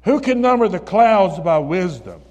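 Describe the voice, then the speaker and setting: A man preaching a sermon in church, building to shouted hallelujahs and calling on listeners by name. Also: sits high, lively intonation, normal speed. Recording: long reverb of a hall.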